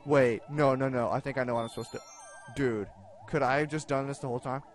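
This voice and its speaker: A young man commenting on his own gameplay, excitable, self-mocking, and given to shouting at the game. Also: medium pitch, fast talker, soft background music. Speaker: gaming video host. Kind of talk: let's play commentary.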